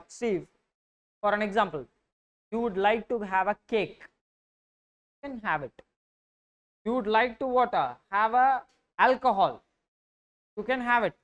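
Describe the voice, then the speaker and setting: A woman with a Tamil-influenced Indian English accent giving a classroom economics lecture. She dictates notes, repeats key points, and keeps asking whether the students are following. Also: medium pitch. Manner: dictates notes, then explains. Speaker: economics teacher.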